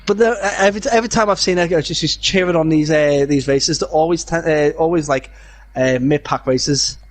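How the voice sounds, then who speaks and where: Host, male, slightly higher voice, relaxed halting race-league commentary. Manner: chatty, halting, full of fillers. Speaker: co-commentator of a sim racing league. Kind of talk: casual live race commentary.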